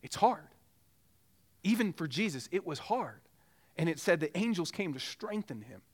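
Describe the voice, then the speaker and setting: A man's voice: on the high side, very animated, normal speed, slightly rough. A man preaching a sermon as pastor, earnest and pressing with repeated rhetorical questions.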